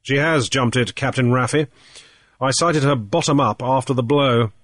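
Male reader playing a shrewd sea trader, airy and brisk, slightly raised voice, dry sound. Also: medium pitch, a bit bright, no room sound, pitched above the performer's own voice, close to an everyday voice. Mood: cool, probing. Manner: brisk, airy, with little hesitations. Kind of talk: audiobook character voice.

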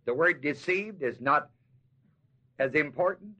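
A man with a slightly high, bright, edgy voice preaches at an unhurried pace. He stretches out key words for emphasis and tosses folksy questions to his listeners. The sound is muffled and lo-fi, like an old sermon tape. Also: expressive. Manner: folksy, asks the audience questions. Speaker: Bible teacher. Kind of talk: expository sermon.

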